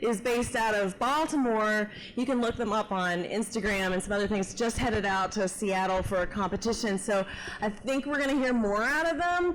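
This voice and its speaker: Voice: mid-range voice, rough recording. A comedian on a panel chatting bluntly and enthusiastically, with casual swearing. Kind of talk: casual chat.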